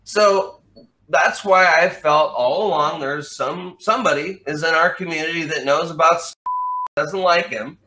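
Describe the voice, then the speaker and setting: A man as an interview guest in casual chat, telling a story in an animated way and swearing freely. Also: a little high, measured pace, a little hiss or hum.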